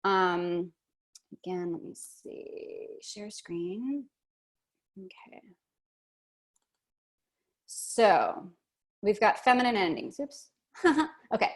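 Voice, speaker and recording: A woman leads an online workshop over a video call. She talks in a chatty, thinking-aloud way, full of fillers and restarts, and her voice sits at an ordinary middle pitch for a woman. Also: expressive, extremely slow, long pauses. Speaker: teacher.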